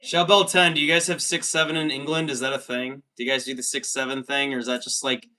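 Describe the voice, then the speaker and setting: A man's voice: medium pitch, little pitch movement, quick pace, sharp tone. An American man hosting a casual livestream, reading chat messages aloud in an upbeat way. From United States. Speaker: livestream host.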